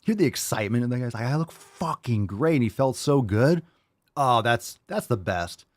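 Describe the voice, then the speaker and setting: A young man hosting a live call-in fitness show, answering questions casually with bursts of loud, swearing hype. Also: mid-range voice, animated, moderate pace, no echo. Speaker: podcast host.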